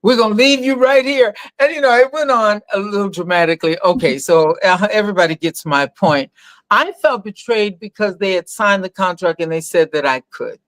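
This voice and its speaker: A woman's voice: mid-range voice, brisk, dry recording. An older woman telling a family story in a casual conversation with her son, acting out the people she quotes. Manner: animated storyteller, acts out quoted voices. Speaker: guest, mother of the host.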